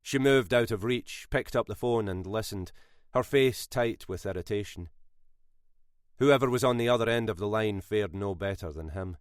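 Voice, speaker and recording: A man narrating a thriller audiobook in a measured, expressive way. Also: fairly low pitch, clean tone, no room sound, clean studio sound.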